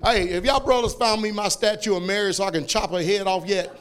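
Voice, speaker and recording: A man preaching a fiery sermon, shouting and laughing as he tells stories. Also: high-pitched, brisk, smooth. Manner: loud, shouting, laughing, animated storytelling.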